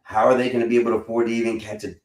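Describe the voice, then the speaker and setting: A man's voice: mid-range voice, little pitch movement, racing, echoey room, low-quality recording. A man hosting a live stream in casual chat, rambling and slangy, swearing freely and calling people bro. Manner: rambling, slangy and profane, says bro a lot. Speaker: streamer host.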